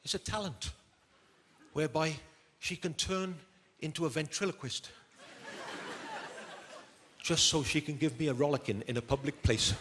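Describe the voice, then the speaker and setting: A male ventriloquist comedian spins a chatty anecdote on a big theatre stage. His voice sits fairly high. The live recording is noisy. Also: moderate pace, long pauses, a bit bright, big-room sound. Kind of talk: stand-up comedy.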